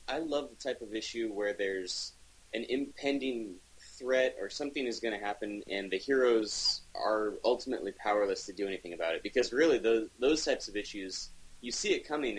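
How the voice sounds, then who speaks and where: A man's voice: lowish voice, slightly rough, low-quality recording. A man co-hosting a podcast, talking enthusiastically in a rambling casual way with many restarts. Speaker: podcast co-host reviewing comics. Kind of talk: casual chat.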